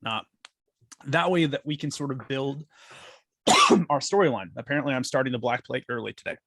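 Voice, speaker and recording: A man's voice: medium pitch, brisk, dry recording. A man explaining a tabletop game as game master, in a loose, chatty way with many fillers.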